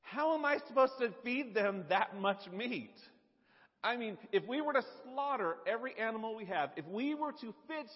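A whiny, exasperated leader pleads and protests in a high, swooping voice, as a preacher puts him on. The voice is husky, with a long hall echo behind it and a dull, lo-fi sound. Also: male voice, lively intonation, fairly quick. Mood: incredulous. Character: exasperated, whiny male leader complaining to God.

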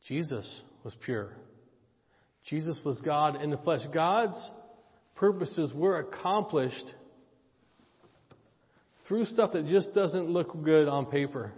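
A man preaching a sermon, telling a personal story, joking with the congregation and switching between loud emphasis and quiet asides. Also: fairly high pitch. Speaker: pastor. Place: church sanctuary. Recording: dull church audio with long reverb.

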